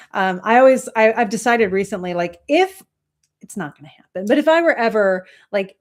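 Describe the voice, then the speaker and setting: A woman in her thirties hosting an astrology livestream, chatting casually with viewers in a rambling way, with many fillers and soft laughs. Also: medium pitch.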